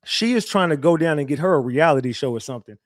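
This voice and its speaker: Livestream host, male, higher-pitched, dry close sound; swearing, animated storyteller. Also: fast, no room sound. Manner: profane, animated retelling with repeated restarts. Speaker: livestream host recapping a court hearing.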